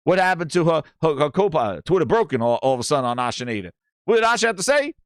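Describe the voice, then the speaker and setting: Loud ranting male gaming streamer. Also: on the high side, racing, dry recording, clean studio sound. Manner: animated, profane, shouting out chat names. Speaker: gaming livestream host. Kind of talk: ranting livestream commentary.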